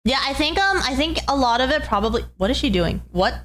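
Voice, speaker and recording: Doting, rambling woman streamer, slightly high. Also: lively intonation, quick pace, fairly bright tone. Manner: doting, rambling, coos at her audience. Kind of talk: casual chat with viewers.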